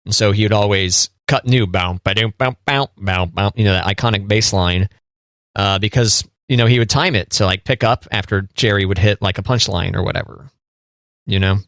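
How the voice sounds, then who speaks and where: A man co-hosting a podcast in casual chat, teasing with deadpan jokes. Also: fairly low pitch, a little fast, creaky, dry recording, studio quality. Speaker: podcast co-host.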